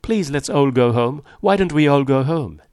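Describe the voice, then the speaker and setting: A man's voice: sing-song, moderate pace, no echo, studio quality. A man reading a story aloud, voicing an anxious young woman who pleads with the others. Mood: pleading. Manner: pleading, higher voice.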